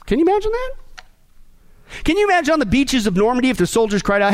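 Animated high-voiced preacher man. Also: quick pace. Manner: animated, sarcastic, swings between loud and hushed. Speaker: pastor. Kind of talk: sermon.

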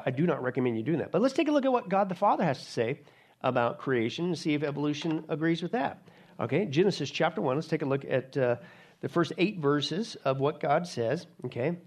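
A man's voice: on the high side, darkish tone. A male pastor preaching a sermon, emphatic and full of rhetorical questions, calling his listeners "folks.".

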